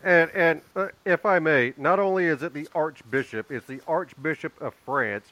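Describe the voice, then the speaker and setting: A man's voice: a little high, normal speed, bright, forceful tone, rough recording. A man co-hosting a casual movie podcast, making dry, sardonic asides. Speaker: podcast co-host. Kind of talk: casual movie review chat.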